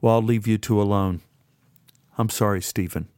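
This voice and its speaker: A man reading an audiobook and voicing an earnest, apologetic man who speaks gently and warmly. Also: lowish voice, fairly even intonation, moderate pace, no room sound, lightly acted. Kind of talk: audiobook character voice.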